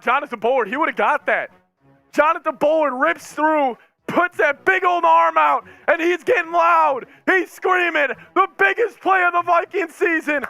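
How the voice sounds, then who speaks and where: A man streaming as a sports fan, calling plays live with hyped yells and rambling reactions. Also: very high-pitched, normal speed, creaky, dry recording, faint music behind. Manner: hyped, yelling, rambling play-by-play.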